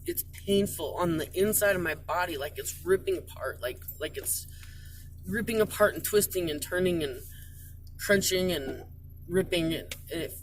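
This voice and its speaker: A woman's voice: fairly low pitch, normal speed. A tearful, distraught woman venting about her life, pleading and cursing, her voice breaking into tears. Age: adult, parent. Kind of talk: emotional personal venting. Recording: distant mic, loud traffic noise.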